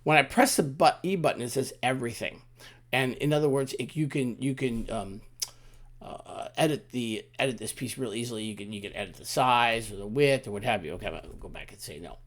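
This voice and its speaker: A man teaching a software tutorial, talking casually through each click with frequent restarts and asides. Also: mid-range voice, fairly quick. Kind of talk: screen-recorded software walkthrough.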